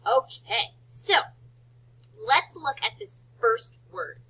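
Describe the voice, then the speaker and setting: A woman teacher giving a phonics lesson to young children, talking slowly in an exaggerated, sing-song way. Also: sits high, sing-song, sharp tone, husky. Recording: dull lo-fi recording.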